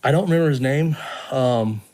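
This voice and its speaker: A man's voice: mid-range voice, normal speed. A man who volunteers in rescue work, telling a story in an interview and acting out what people said. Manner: animated, acts out quotes.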